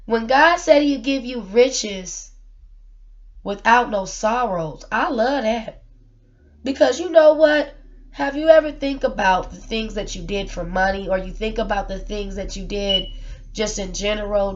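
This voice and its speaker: In this monologue vlog, a single mother recounts her story in an unhurried, medium-pitched voice whose upper frequencies are cut off. Emotional and sincere, she repeats words and poses rhetorical questions.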